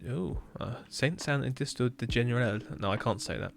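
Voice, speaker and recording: A man's voice: mid-range voice, moderate pace, vocal fry, faint music behind. A man with a Hampshire accent chatting casually on a live stream, reading chat and laughing often. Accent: Hampshire English. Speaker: livestreamer.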